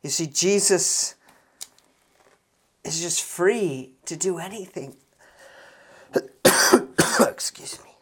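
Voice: medium pitch, extremely slow, pauses often, breathy edge. A preacher giving an earnest sermon, often restarting phrases and swelling for emphasis.

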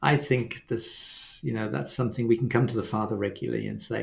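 A man's voice: mid-range voice, brisk, gravelly. A man co-hosting a faith webcast, explaining scripture and acting out quoted lines with expression. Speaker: webcast co-host. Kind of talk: teaching faith conversation.

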